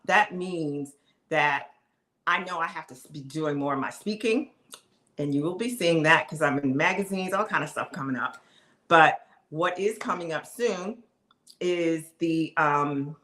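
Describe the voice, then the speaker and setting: A woman hosting her own live stream, chatting excitedly and preaching straight to her viewers. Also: sits low, reverberant. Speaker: live show host.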